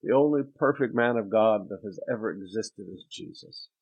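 A man's voice: fairly low pitch, moderate pace, a little mellow, breathy edge. A man preaching a sermon as a pastor, reading scripture aloud and then expounding it emphatically. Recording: tinny phone-like sound.

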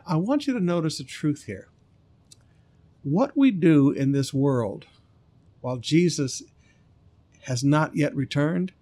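Brief: male preacher, slightly high voice, punches and stretches key words. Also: a little mellow. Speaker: pastor. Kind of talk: sermon.

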